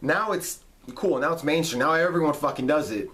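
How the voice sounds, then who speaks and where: A man's voice: fairly high pitch, brisk, a bit bright, a little hiss or hum. A man in his late twenties giving a heated, emphatic rant on his vlog, swearing freely. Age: late 20s. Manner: heated, emphatic, profane ranting. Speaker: vlog host. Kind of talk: ranting monologue.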